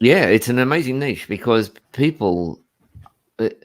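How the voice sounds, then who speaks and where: A man's voice: mid-range voice, animated, unhurried. A middle-aged man chatting as a guest on a live video call, rambling and laughing easily. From Australia. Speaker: guest, coach. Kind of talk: casual chat on a live stream.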